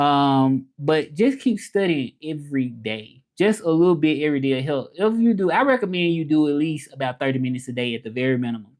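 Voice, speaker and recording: A man's voice: a little high, lively intonation, a little fast, hardly any pauses, darkish tone. Chatty man live-streaming to viewers. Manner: rambling, chatty, greets viewers by name and tries out French phrases. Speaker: livestreamer.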